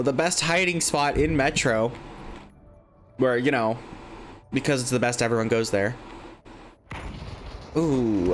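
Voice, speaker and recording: A man casting a live online game tournament, giving chatty, excitable play-by-play and thinking aloud with questions. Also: mid-range voice, a little hiss or hum. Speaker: esports caster.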